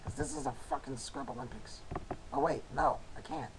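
A woman with a raspy voice, talking trash playfully and excitably while playing a card game, swearing as she goes. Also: rumbling low, normal speed, background noise. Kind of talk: casual trash talk during a card duel.

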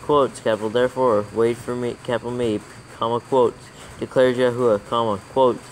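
Man, mid-pitched, flat delivery, methodical proofreading dictation. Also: normal speed, slight background noise, rough recording. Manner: steady, monotone dictation, calling out capitals and commas. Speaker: proofreader reading scripture aloud. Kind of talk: dictating text with spoken punctuation.

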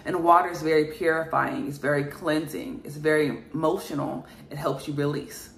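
A woman's voice: deep voice, fairly even intonation, moderate pace, vocal fry. A woman giving an earnest spiritual reading to camera, emphatic and repeating herself, with frequent sighs. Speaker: spiritual reader. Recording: echoey room with faint noise.

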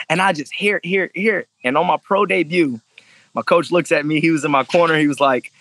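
A man's voice: on the high side, moderate pace, fairly bright tone, no room sound, rough recording. A man who fights professionally, telling stories in a casual interview with intensity and freely dropped swear words. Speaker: MMA fighter, interview guest.

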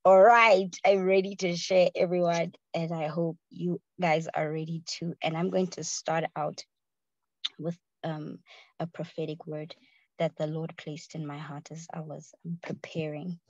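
A woman giving an earnest, fast-paced sermon, often pausing with fillers to check that listeners follow. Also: low voice, little pitch movement, no room sound, lo-fi sound. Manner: earnest, quick-talking with frequent fillers and checks for understanding. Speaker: speaker at a ministry session. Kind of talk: sermon, teaching scripture.

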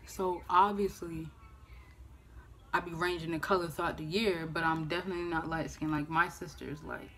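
A woman in her twenties telling a personal story on a phone-camera vlog, casual and animated, swearing freely and acting out what others said. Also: fairly low pitch, moderate pace, a little hiss or hum. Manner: animated, profane, acts out quoted voices. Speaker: vlogger.

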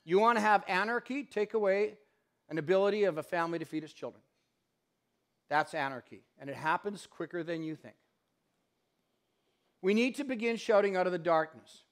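A man's voice: high-pitched, normal speed, pauses often. A man giving a public lecture in a university hall, telling stories with passion and acting out what people said. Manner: impassioned, animated storyteller who acts out quotes.

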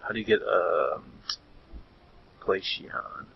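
Low, slow, and edged with vocal fry, this young man's voice carries a little hiss or hum. He's a let's-play streamer on a handheld game, chatting with a friend, reading menu text aloud, and laughing often, all over lo-fi stream audio with faint game music.

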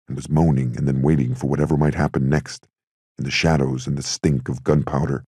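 Super deep husky guy reading a crime audiobook, dry close sound. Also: a little mellow, no echo. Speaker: audiobook narrator. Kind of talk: scripted narration.

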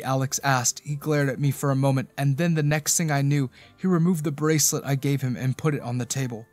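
A man narrating a first-person romance story in a steady, even reading voice. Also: medium pitch, brisk, no echo, faint music behind.

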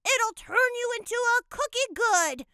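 Woman playing a cartoon witch, bossy, flustered, huffy, high, dry. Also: animated, unhurried, bright, forceful tone, no room sound, exaggerated voice. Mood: mock-menacing. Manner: huffy, mock-menacing.

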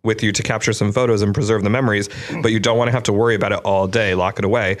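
A man's voice: fairly low pitch, fairly even intonation, racing. A man co-hosting a casual podcast, earnest as he reads out listener tips. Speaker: podcast co-host. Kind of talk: casual chat.

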